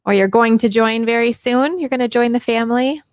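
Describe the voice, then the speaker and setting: A woman's voice: a little high, a little fast, no echo. A middle-aged woman hosting a casual live Q&A stream on her own mic, chatty and upbeat, greeting viewers by name. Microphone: personal microphone.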